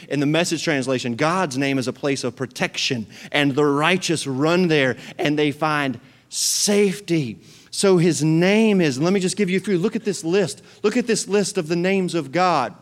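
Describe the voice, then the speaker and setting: A middle-aged man preaching a sermon, animated and swinging into loud, fervent prayer. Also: a little high. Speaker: pastor.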